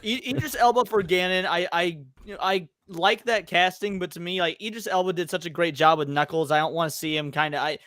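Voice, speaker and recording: A man with a rather high voice who stammers and restarts as he poses questions in casual chat. The recording is dry and close, with little room sound. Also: fairly quick, few pauses, fairly bright tone, dry recording.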